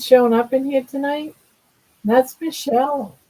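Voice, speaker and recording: A woman's voice: high voice, measured pace, mellow, slightly rough, low-quality recording. An older woman hosting a casual livestream chat from home, cooing to her pets in baby talk. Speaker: livestream host.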